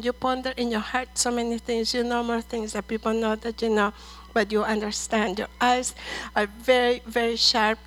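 A middle-aged woman ministering prophetic words over people in church, earnest and measured, calling them dear and brother. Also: fairly high pitch, rough recording.

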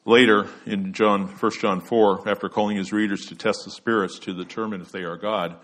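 A man's voice: on the low side, fairly even intonation, normal speed, fairly bright tone. A man preaching an expository sermon, earnest and emphatic, letting his voice drop at the end of each point.

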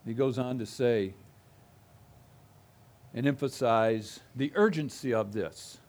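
A man's voice: mid-range voice, takes it slowly, a little mellow. A middle-aged male pastor preaching an expository sermon, emphatic and given to repeating phrases with building intensity.

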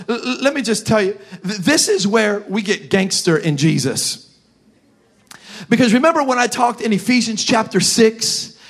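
High-voiced young pastor preaching. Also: male voice. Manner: animated, builds to shouting. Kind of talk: sermon. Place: church service.

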